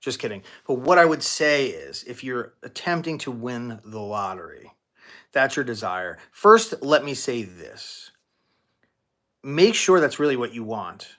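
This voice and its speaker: A man hosting a live-stream Q&A as a manifestation coach, talking casually with many restarts and fillers and thanking donors excitedly. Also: mid-range voice, unhurried. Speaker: manifestation coach and livestream host. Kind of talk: live-stream Q&A, answering viewer questions.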